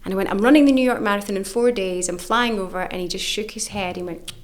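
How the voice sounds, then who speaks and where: A middle-aged woman, an author and coach, telling stories in an interview with lively, acted-out quoted voices. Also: quick pace. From United Kingdom. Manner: animated, acts out quoted voices with big pitch jumps.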